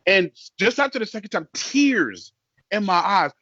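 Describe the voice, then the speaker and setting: A man with a high, wildly swinging voice tells stories in a casual chat, throwing himself into exaggerated voices for the people he quotes. The sound is dry and slightly dull, like a lo-fi recording. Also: moderate pace, breathy edge, no echo. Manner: animated storytelling, acts out quotes in exaggerated voices. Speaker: co-host.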